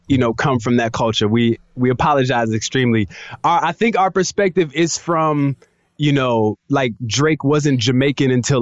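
A man co-hosting a podcast in casual banter, joking and laughing often as he runs through quick plugs. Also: medium pitch, dry recording, muffled recording. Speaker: podcast co-host.

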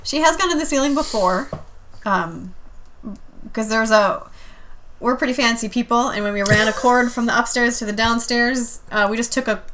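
Bright-voiced woman podcast co-host. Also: fairly high pitch, normal speed, a little hiss or hum. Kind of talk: casual chat.

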